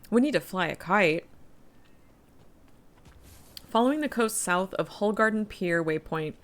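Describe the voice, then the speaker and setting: A middle-aged woman chatting through a game on a live stream. She thinks aloud, rambles a little and reads the quest text out loud. Her voice sits at an ordinary middle pitch. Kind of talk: casual live-stream commentary.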